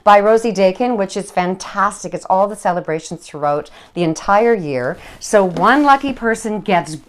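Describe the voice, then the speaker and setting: A woman's voice: medium pitch, expressive, moderate pace. Bubbly chatty woman hosting a cooking show. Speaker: host. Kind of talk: live cooking show chat.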